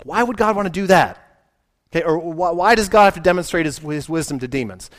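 A man's voice: a little high, brisk. A man preaching a sermon in a conversational way, asking his listeners questions and acting out the voices he quotes.

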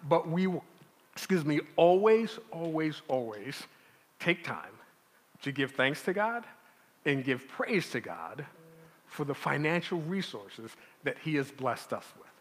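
A man's voice: on the high side, very animated, unhurried. A man preaching as a pastor, talking conversationally with asides and restarts. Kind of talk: sermon. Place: church sanctuary. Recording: long church reverb.

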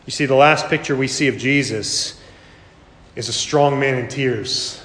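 A man preaching a sermon as a pastor, earnest, slowing down and repeating phrases for emphasis. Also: mid-range voice, fairly bright tone. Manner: earnest, with dramatic slow emphasis and repetition. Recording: echoey hall reverb.

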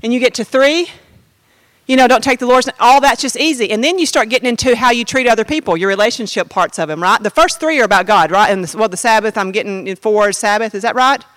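A woman's voice: fairly high pitch, fast talker, a bit bright, dry recording. A woman giving a personal testimony as a sermon, talking straight to the congregation in a conversational way. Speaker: preacher.

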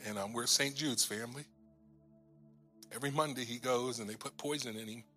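A man in his forties giving a personal testimony from a church stage. He tells the story by acting out the dialogue, and his voice drops quiet at the hardest moments. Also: a little fast, faint music behind. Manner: storytelling, acting out his own lines and others' in the retelling; voice sinks quiet and low at emotional moments. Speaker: guest minister.

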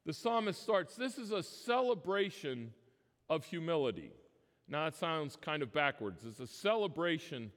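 A man's voice: on the high side, very animated, moderate pace, a bit bright. A man preaching a sermon as pastor, earnest and emphatic, often restarting his phrases. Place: church sanctuary. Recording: long church reverb.

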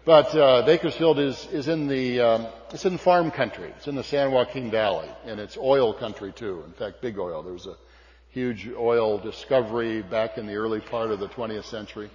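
A man's voice: mid-range voice, moderate pace, darkish tone. An older man from California telling a folksy, self-deprecating story to an audience, with frequent fillers and restarts. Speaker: speaker. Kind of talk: storytelling speech. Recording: dull sound with long hall reverb.

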